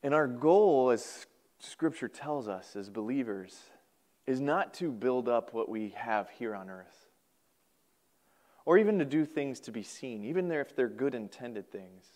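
A male pastor preaching a sermon, telling a folksy story in an animated way. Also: mid-range voice, measured pace. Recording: podcast recording.

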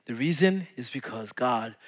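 A male pastor preaching a casual sermon to his congregation, swinging between loud emphasis and hushed asides. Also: on the high side, a little slow.

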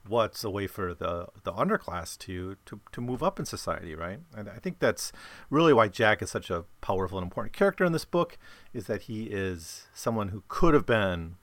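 A man's voice: fairly low pitch, big pitch swings, moderate pace, a bit bright, no room sound. A man casually summing up and discussing a novel, rambling with many fillers and restarts. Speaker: book discussion host. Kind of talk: casual book summary talk.

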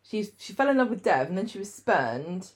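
A woman's voice: mid-range voice, moderate pace. Chatty woman retelling a story. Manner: chatty, enthusiastic, animated retelling. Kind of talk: casual chat.

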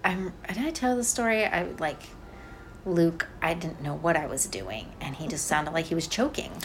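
A woman in her thirties co-hosting a podcast, chatting and telling stories in a gossipy, animated way. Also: deep voice, moderate pace, slight background noise. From Northern California. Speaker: podcast co-host. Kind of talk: casual chat.

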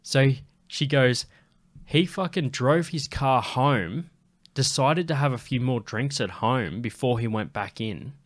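A young man spins a rambling pub story on a podcast, peppering it with swearing and filler. His voice sits at an ordinary middle pitch for a man, relaxed and conversational. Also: a little slow. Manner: loose, swearing, animated storyteller. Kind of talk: casual storytelling chat.

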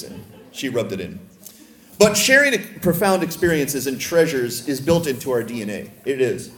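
A man preaching a sermon as pastor, playful and teasing with gentle humor. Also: mid-range voice. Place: church sanctuary. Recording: echoey church room.

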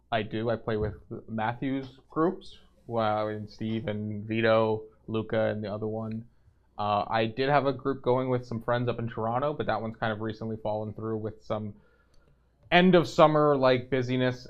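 Low-voiced man on dull lo-fi audio. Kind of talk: casual livestream chat.

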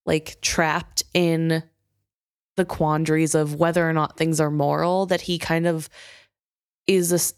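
A woman's voice: deep voice, smooth, dry recording, clean studio sound. A woman co-hosting a book podcast, chatting animatedly and filling with "like". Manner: animated, quick to laugh, uses "like" a lot. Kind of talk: casual chat.

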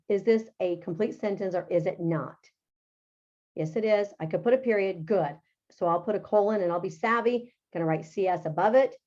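Woman writing teacher, mellow tone, explanatory and chatty, lo-fi sound. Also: fairly low pitch. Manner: explanatory, chatty with frequent "okay" and "right". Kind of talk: teaching a grammar lesson. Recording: dull lo-fi sound.

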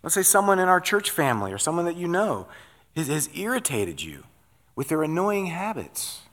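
A man's voice: on the high side, wildly swooping pitch, normal speed, fairly bright tone. A pastor preaching a sermon in a conversational way, often checking in with his listeners by asking "right?".

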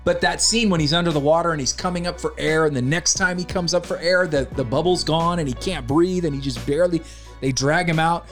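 Animated man ranting casually. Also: a little high, fairly quick, faint music behind. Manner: animated, exasperated ranting with mocking quoted voices. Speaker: podcast co-host reviewing a film. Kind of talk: casual chat.

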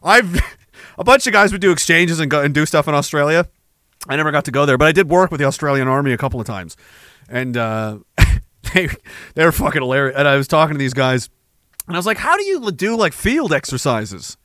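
A man's voice: on the high side, quick pace, long pauses, bright, forceful tone, dry recording, clean studio sound. A man hosting a podcast, chatting casually and reading viewer comments, profane and joking. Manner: profane, joking, slips into put-on accents. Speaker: podcast host. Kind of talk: casual livestream talk reading chat.

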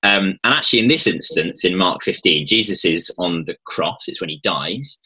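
A man's voice: sits low, expressive, normal speed, sharp tone, husky, low-quality recording. A man explaining Bible passages in casual conversation, thoughtful and hesitant, with many ums and restarts. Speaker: Christian guest explaining the Bible.

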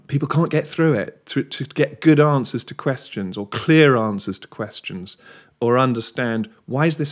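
A man co-hosting a podcast, talking in a reflective, rambling way with restarts and chuckles. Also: lowish voice. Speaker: podcast co-host. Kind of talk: casual podcast chat.

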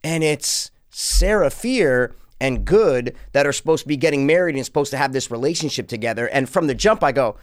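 A man co-hosting a casual movie review podcast, rambling and animated, often restarting his sentences. His voice sits at an ordinary middle pitch. The recording is dry and close, with no room sound. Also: brisk, hardly any pauses, no echo. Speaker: podcast co-host.

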